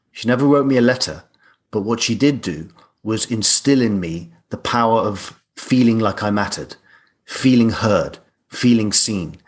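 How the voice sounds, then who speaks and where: A man hosting a podcast, speaking sincerely and reflectively to his guest. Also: fairly low pitch. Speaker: podcast host. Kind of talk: conversational podcast. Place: podcast studio.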